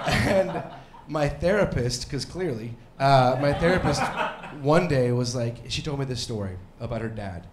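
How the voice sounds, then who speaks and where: A man in his thirties performs stand-up on a handheld mic, talking in loose, rambling runs that tip over into mock yelling. His voice sits at an ordinary middle pitch. The club sounds roomy, with a faint hum of ambience behind him. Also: lively intonation, moderate pace. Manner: rambling, self-deprecating, bursts into mock yelling. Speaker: stand-up comedian. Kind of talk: stand-up comedy set. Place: comedy club stage.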